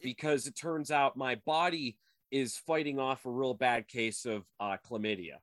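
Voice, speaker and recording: A man's voice: mid-range voice, moderate pace, a bit bright, dry recording, studio quality. A young adult man co-hosting a podcast, joking crudely in a laid-back way while stoned and getting over a sinus infection. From Reno, Nevada, USA. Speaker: podcast co-host. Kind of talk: casual comedic podcast banter.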